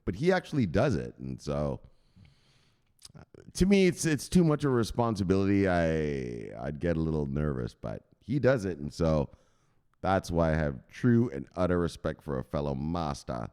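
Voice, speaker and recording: A man's voice: a bass voice, big pitch swings, normal speed, smooth. Boisterous, profane male crypto host. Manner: boisterous, profane, shouts out viewers. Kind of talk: casual livestream chat.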